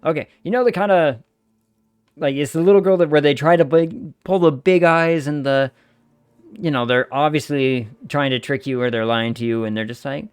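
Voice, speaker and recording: A man's voice: on the high side, moderate pace, clear, resonant tone, no room sound. A man streaming a game, chatting loosely with viewers and swearing casually. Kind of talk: casual gaming stream chat.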